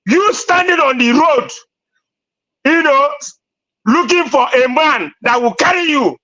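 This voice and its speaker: A man's voice: extremely high pitch, unhurried, bright, forceful tone, lo-fi sound. A man with a Nigerian accent debating on a live stream, ranting insistently and repeating himself. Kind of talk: heated debate.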